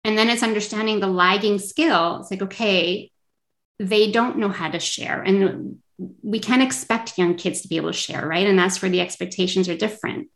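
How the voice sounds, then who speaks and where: A woman's voice: normal speed, vocal fry, a bit bright. A woman in her thirties, a parent coach, talking earnestly as a podcast guest and acting out quoted voices now and then. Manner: earnest, acts out quoted kids and adults in a higher voice. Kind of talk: casual interview chat.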